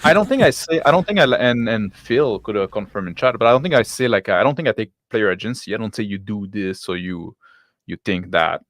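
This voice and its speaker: A man who is not a native English speaker, a game master and host, talking casually in a halting way with many restarts and slips in grammar. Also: lowish voice, expressive, fairly bright tone, no room sound, studio quality. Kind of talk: casual discussion.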